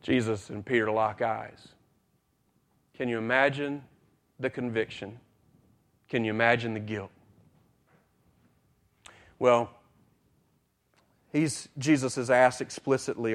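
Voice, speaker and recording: A man's voice: medium pitch, steady tone, takes it slowly, long pauses. A male pastor preaching a sermon, retelling a story with acted-out dialogue and repeated words as he builds intensity.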